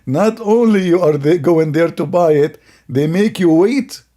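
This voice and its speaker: A man's voice: a little high, animated, a little slow, mellow. A man giving sarcastic, scornful commentary on a video, laughing often as he mocks it.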